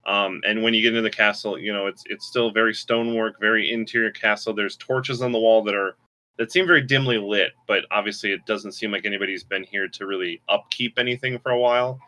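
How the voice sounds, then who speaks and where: A man's voice: lowish voice, steady tone, fairly quick, bright, forceful tone. A man narrating as game master in a casual, rambling way full of fillers.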